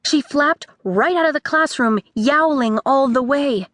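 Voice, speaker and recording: Lady reading a kids audiobook, slow and expressive, high-ish voice, dry close sound. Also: no echo. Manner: expressive storytelling. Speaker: audiobook narrator. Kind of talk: scripted audiobook narration.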